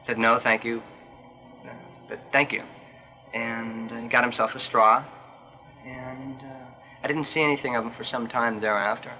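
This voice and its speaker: A man recounting a meeting in a documentary interview, speaking hesitantly with many pauses and a wry tone. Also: mid-range voice, little pitch movement, sharp tone, faint music behind, rough recording.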